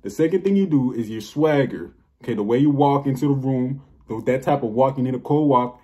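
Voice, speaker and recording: A man's voice: mid-range voice, brisk, warm tone. A young man talking to camera about spiritual confidence, emphatic and profane, repeating his points. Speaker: spiritual vlogger. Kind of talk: casual spiritual monologue.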